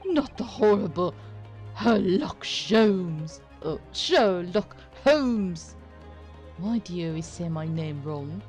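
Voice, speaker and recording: A woman voicing an excitable, indignant man with a mustache who shouts shrill, exasperated outbursts in a raised voice. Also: full character voice. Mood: outraged.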